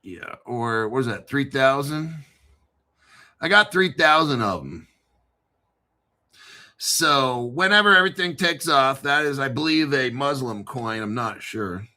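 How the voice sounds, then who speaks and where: A man's voice: mid-range voice, lively intonation, measured pace, pauses often, sharp tone. A middle-aged man hosting a crypto show, joking and swearing as he tells rambling stories. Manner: joking, profane, storytelling. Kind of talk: rambling casual monologue.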